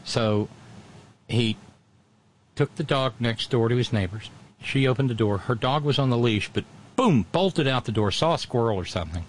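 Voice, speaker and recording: A man's voice: medium pitch, animated, normal speed. Male radio host, casual on-air chat, stammering restarts, wry storyteller, faint hiss. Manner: chatty storyteller, wry and self-deprecating.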